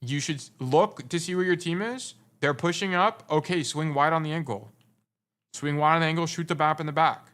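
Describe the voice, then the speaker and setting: A man's voice: fairly high pitch, moderate pace, fairly bright tone. A young adult man giving casual gameplay review commentary as a coach, blunt and teasing, repeating his points for emphasis. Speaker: game coach.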